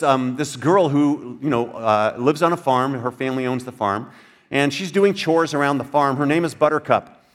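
Conversational older male pastor. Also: mid-range voice. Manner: conversational, asks the audience questions, drops to soft quiet passages. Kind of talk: sermon.

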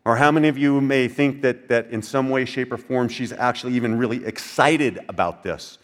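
An older man preaching a sermon in a conversational way. He asks the listeners questions and drops into soft, quiet passages. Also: medium pitch, brisk, hardly any pauses. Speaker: pastor.

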